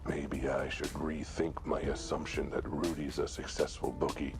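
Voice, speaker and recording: A down-on-his-luck cat detective in a noir video game, with a dry, sardonic edge to every line. The voice sits extremely deep. Faint music plays behind him. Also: little pitch movement, moderate pace. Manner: dry, sardonic inner monologue.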